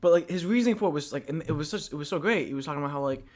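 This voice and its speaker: A man's voice: a little high, expressive, rapid-fire. A young man co-hosting a casual podcast, rambling through stories with many fillers and frequent laughs. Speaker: podcast co-host. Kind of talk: casual chat.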